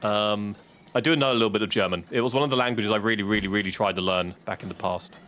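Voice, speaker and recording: A man's voice: on the low side, quick pace. A man with an English accent giving casual commentary as he plays a game, yelping and swearing at each setback. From England. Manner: excitable, yelps and swears at setbacks. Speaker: streamer.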